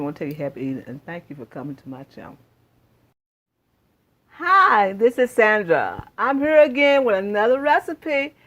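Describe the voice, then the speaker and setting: A woman with a mid-range, slightly bright voice hosts her own cooking channel from her home kitchen. It's a casual cooking demonstration: she chats straight to viewers and repeats her praise as she cooks.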